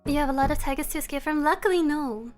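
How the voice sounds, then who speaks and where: A woman streamer chatting casually with her viewers. She is relaxed and laughs often. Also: high-pitched, quick pace, faint music behind. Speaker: live streamer. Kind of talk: casual live-stream chat. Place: room at home.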